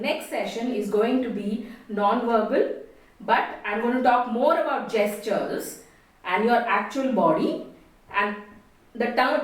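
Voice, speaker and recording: A woman with an Indian accent teaching a communication lesson. She stresses her words deliberately and expressively. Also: fairly high pitch. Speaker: communication trainer. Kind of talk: spoken lesson. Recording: echoey room, distant mic.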